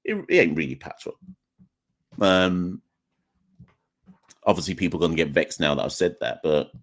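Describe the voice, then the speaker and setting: A man's voice: sits low, normal speed. Rambling young man with an English accent. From Jamaica. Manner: rambling, self-correcting, conversational. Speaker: podcast host. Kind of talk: live call-in podcast chat.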